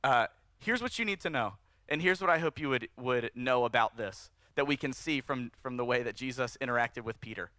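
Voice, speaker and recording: A man preaching a sermon at a church service, conversational and animated, rising in emphasis as he speaks to the congregation. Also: mid-range voice, fairly quick, no room sound. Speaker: pastor.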